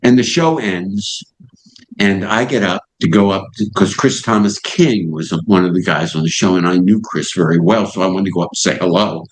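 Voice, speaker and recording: The speaker is an older man, a satellite radio host interviewed as a guest, whose voice sits low and moves at a moderate pace. A lively storyteller, he acts out the people in his anecdote, captured on a rough recording.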